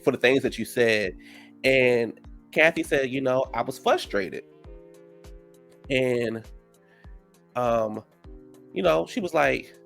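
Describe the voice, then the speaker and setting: A man giving a casual, sassy recap of a reality show, acting out the cast members' lines in a raised, animated voice. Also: mid-range voice. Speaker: show reviewer.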